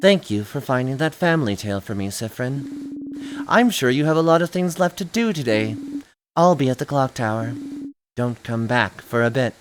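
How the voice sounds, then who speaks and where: A man's voice: medium pitch, expressive, moderate pace, natural voice, low-quality recording. A man voicing a stern, weary woman companion in a game read-through, speaking coldly and curtly. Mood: cold hurt.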